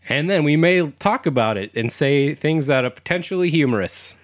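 A man's voice: on the high side, lively intonation, normal speed, no echo, clean studio sound. Joking young male podcast co-host. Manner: loose, joking, laughs often, many fillers. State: slightly sick voice. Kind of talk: casual chat.

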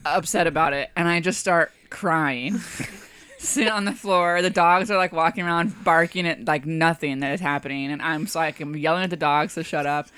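A woman's voice: deep voice, normal speed, clean tone, no room sound. A woman co-hosting a podcast, casually telling a story with laughter between lines. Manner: laughing, animated retelling. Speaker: podcast co-host.

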